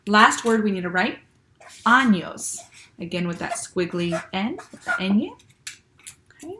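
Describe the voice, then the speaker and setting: A woman teaching young children, speaking slowly and clearly and checking often with "okay?". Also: mid-range voice, expressive, background noise. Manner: patient, slow and clear, with many "okay?" checks. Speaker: Spanish teacher. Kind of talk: classroom lesson for children.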